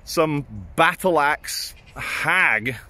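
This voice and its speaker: A man's voice: on the high side, drawn-out words, pushed and bright, no room sound. A British man vlogging casual anecdotes in a rambling, crude and self-mocking way.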